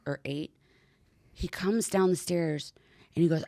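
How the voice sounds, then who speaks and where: A woman with a low, grounded voice talks as a podcast guest. She tells her story in an animated, loose way, full of "like" and casual swearing. The sound is dry and close, with no room echo. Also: normal speed. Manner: animated, heavy use of "like" and swearing. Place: podcast studio.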